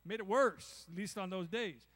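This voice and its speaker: A man's voice: high-pitched, moderate pace, fairly bright tone. An older man preaching a conversational sermon, acting out little voices and asking the congregation "amen?". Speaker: pastor.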